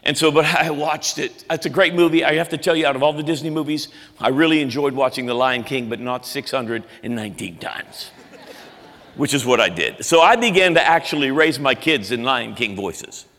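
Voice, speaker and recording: A man preaching a sermon, swinging between loud emphatic lines and quiet low ones. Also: moderate pace, in a large hall. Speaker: pastor.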